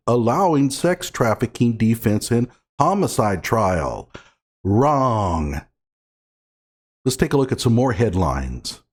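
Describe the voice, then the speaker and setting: Lively sarcastic male commentator. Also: medium pitch. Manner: sarcastic, reads documents aloud with emphasis. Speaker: show host. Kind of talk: commentary on a court ruling.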